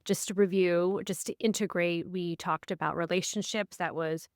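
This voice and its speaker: A woman co-hosting a casual podcast, a life coach who tells stories with lively, acted-out quotes. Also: normal speed, dry recording, clean studio sound. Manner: animated storyteller, acts out quotes with big pitch swings.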